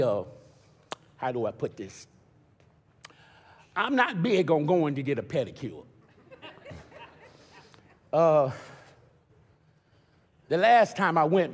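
An older man preaching a sermon as pastor, telling stories with stammered restarts and building to shouted preaching. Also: fairly high pitch, breathy edge. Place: church sanctuary. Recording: long church reverb.

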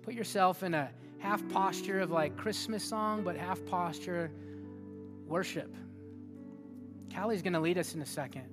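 A man preaching a sermon as a youth pastor in a church hall, energetic and interactive, often asking the audience questions. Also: high voice, a little slow, pauses often. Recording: long hall reverb with faint music.

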